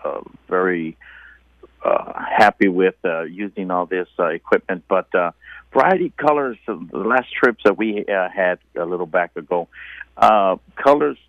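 A man's voice: low-pitched, animated, normal speed, vocal fry, no echo. A man calling in as a fishing guide, speaking hesitantly with many filler sounds over the phone. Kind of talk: phone interview. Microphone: telephone. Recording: tinny phone line.

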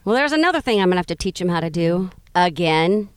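A middle-aged woman co-hosts a radio show in a casual, teasing way. Her voice sits a little low but moves lively through its range. The sound is close and dry, with no room around it. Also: smooth, no room sound. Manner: playful, quick to laugh, animated. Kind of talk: casual banter. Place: mobile studio in a vehicle.

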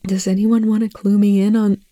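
A reader voicing an anxious young man on a tense mission, whispering hoarsely in panic. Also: mid-range voice, flat delivery, moderate pace, mellow, no room sound, clean studio sound, voice pushed up, close to an everyday voice. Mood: frightened.

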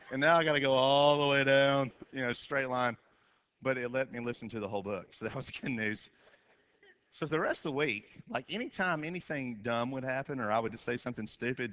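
A man tells a long comic story with a bright, forceful edge to his voice. He moves between quick asides, quiet mumbles and sudden shouted punchlines. His pitch sits in the middle for a man. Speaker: comedian. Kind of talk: storytelling stand-up.

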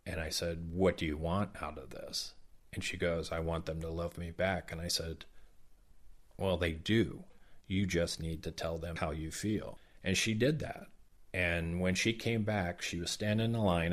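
Deep-voiced middle-aged Southern man. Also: level tone, normal speed. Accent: Southern American. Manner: warm, anecdotal, acts out children's words. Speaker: professional Santa Claus. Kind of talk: interview storytelling.

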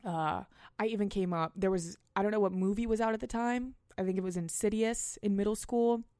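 A woman in her twenties hosting a podcast, telling a story in a casual, animated, self-mocking way with plenty of swearing. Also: mid-range voice, a little fast, clear, resonant tone, dry recording, clean studio sound. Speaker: podcast host.

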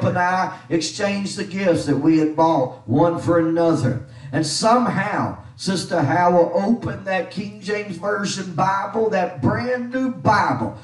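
A middle-aged man preaching a sermon as pastor, reading scripture and leading his congregation in call-and-response. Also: sits high. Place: church sanctuary. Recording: echoey church hall from far off.

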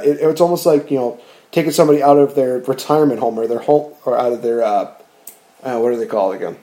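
A man chatting casually about movies, rambling and animated, with frequent fillers and restarts. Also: fairly high pitch.

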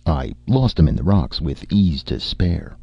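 Rumbling, gravelly barbarian warlord voiced by a male narrator, gruff but kindly; dull lo-fi audiobook sound. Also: big pitch swings, unhurried, no echo, full character voice. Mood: gently gruff. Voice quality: deep rumbling voice. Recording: dull lo-fi recording.

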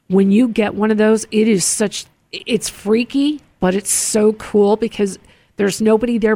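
A woman with a gravelly, fry-tinged voice chats earnestly as a show host. She tells personal stories, often stopping and restarting her sentences. The recording is dry and close. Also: mid-range voice, a little mellow, no room sound. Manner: earnest, storytelling, many restarts. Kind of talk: casual chat. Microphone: close mic in a studio.

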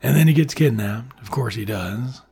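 A man's voice: mid-range voice, lively intonation, moderate pace, vocal fry, dark tone, breathy edge. A man casually retelling a comedy film's plot in a loose, chatty way, swearing now and then. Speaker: film reviewer. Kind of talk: casual film recap.

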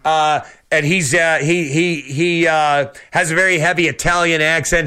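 A man's voice: a little high, steady tone, normal speed, bright, forceful tone, smooth. A man preaching a sermon with fervor, peppering his talk with amens and praise the Lords. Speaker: radio preacher.

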